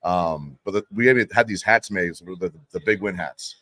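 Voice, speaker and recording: A man's voice: deep voice, moderate pace, pushed and bright. A man giving intense, blunt motivational talk as a guest on a podcast taped live on an expo floor. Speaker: guest speaker and consultant.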